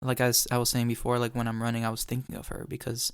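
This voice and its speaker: A young man tells a painful memory in casual podcast chat, quoting people and swearing as he goes. His voice is smooth and clear, with little rise and fall. The recording is dry and close. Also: medium pitch, completely flat delivery, quick pace, no room sound. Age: young adult. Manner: emotional storytelling, swears, quotes people. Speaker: podcast host.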